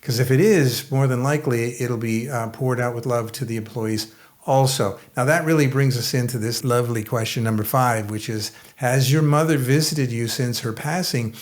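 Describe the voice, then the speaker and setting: A man hosting an interview, reflecting calmly before he asks his next question. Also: medium pitch, normal speed. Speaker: host.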